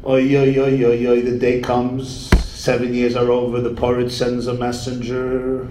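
A man telling a folk tale in an animated, theatrical way, with Yiddish and Hebrew words mixed in. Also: medium pitch, unhurried, echoey room, far from the mic, a little hiss or hum, rough recording. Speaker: storyteller.

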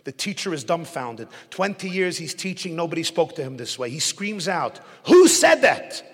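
Animated man preaching in an echoey hall. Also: on the high side, moderate pace. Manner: storytelling, builds to loud emphatic peaks. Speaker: rabbi. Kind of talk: sermon with jokes. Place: synagogue hall.

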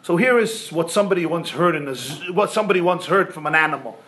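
A man gives a sermon as a rabbi in a high, bright voice. He is animated and rhetorical, dropping into soft asides and then climbing to loud, emphatic peaks. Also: quick pace.

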